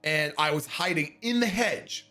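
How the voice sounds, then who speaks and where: Man, streamer storytelling, lively pitch, profane, sudden shouts, faint music. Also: measured pace. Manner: animated, profane, bursts into shouts. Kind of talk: casual storytelling.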